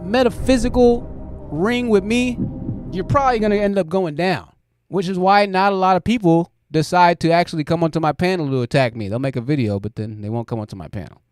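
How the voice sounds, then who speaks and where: A man's voice: fairly high pitch, brisk, a little mellow, dry recording, studio quality. A man hosting a livestream, giving blunt commentary and talking straight to his chat. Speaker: host.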